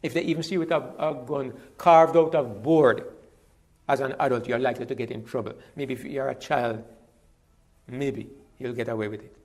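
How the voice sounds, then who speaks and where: A man's voice: mid-range voice, fairly even intonation, normal speed, a little mellow. A middle-aged man from Jamaica, talking in a conversational monologue, emphatic and repeating words as he builds a point. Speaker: interviewee.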